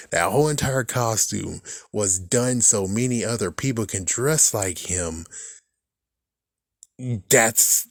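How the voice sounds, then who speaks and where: Low-voiced young man, rambling and animated. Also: no echo, clean studio sound. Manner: animated, swearing, laughs at his own jokes. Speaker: movie commentary vlogger. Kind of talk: casual rambling movie talk.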